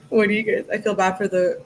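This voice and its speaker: A woman hosting a true-crime channel, reading text messages aloud in an even way and adding casual, exasperated asides. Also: mid-range voice, a little hiss or hum, rough recording.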